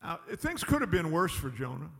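A man's voice: on the high side, very animated, normal speed, vocal fry, long reverb tail. A man preaching a sermon in a folksy, emphatic way, often chuckling at his own points. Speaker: pastor.

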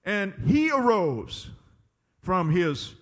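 A man's voice: high-pitched, huge pitch swings, extremely slow, big-room sound. A man preaching a sermon as pastor, emphatic and drawing out his words. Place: church sanctuary.

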